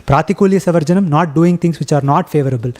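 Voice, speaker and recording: Male class speaker, slightly high voice, retells scripture haltingly with fillers. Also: a little mellow. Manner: halting, many fillers and restarts. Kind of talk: devotional storytelling class.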